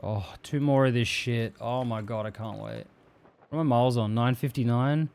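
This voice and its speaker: Man, live streamer, casual chat, swears a lot, jokey, reads chat aloud, mid-pitched voice. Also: moderate pace, vocal fry, a little mellow, clean tone. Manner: profane, joking, reads viewer messages aloud.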